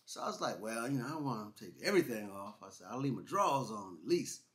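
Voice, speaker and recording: A man co-hosting a couple's vlog, telling a funny travel story in a casual, animated way and acting out what people said. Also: mid-range voice, fast talker. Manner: animated, laughing, imitates others in quotes. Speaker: vlog co-host.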